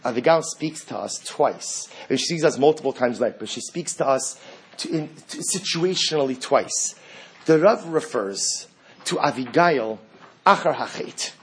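Husky-voiced man teaching a religious class. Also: mid-range voice, normal speed. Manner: earnest, rhetorical questions, animated.

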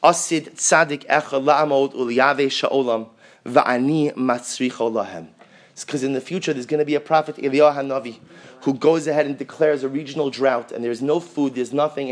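A man, a rabbi, giving an animated Torah class full of rhetorical questions and Hebrew terms. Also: medium pitch. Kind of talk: sermon-style Torah class.

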